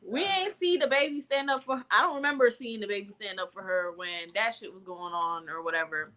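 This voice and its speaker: A woman's voice: mid-range voice, fairly quick, a little hiss or hum. A woman co-hosting a podcast, telling stories in loose, slangy, casual chat. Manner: loose slangy storytelling, animated gossip. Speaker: podcast co-host.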